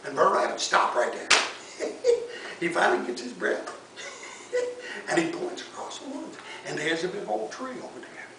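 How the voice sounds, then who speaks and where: A man's voice: high-pitched, big pitch swings, moderate pace, vocal fry, long pauses, noisy background. A man telling a folk tale in a folksy, chuckling way. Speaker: storyteller. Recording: echoey room, mic far off.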